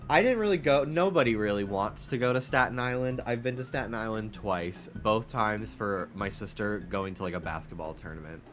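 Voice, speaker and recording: A man's voice: fairly low pitch, a little fast, hardly any pauses, soft background music. Chatty young man with faint New York accent. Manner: rambling, animated, frequent fillers. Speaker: streamer. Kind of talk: casual chat with live chat.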